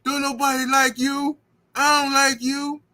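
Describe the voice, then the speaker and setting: A man putting on the voice of a young schoolgirl who taunts with a slow, drawn-out, mocking delivery. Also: very high-pitched, flat delivery, bright, forceful tone, voice pushed up, exaggerated voice. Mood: scornful. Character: taunting schoolgirl, scornful and loud.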